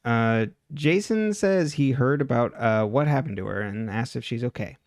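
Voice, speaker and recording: A man's voice: mid-range voice, animated, moderate pace, dry recording, clean studio sound. Chatty man recapping a TV episode. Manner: chatty, heavy on "like" and "um", laughs often. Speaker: podcast co-host.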